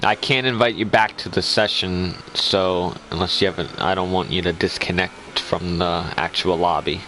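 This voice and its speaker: Chatty low-voiced man calling a sim race. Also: fairly even intonation, normal speed, a bit bright, a little hiss or hum, poor audio. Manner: chatty, laughing often, teasing. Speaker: lead race commentator. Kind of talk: casual live sim racing commentary.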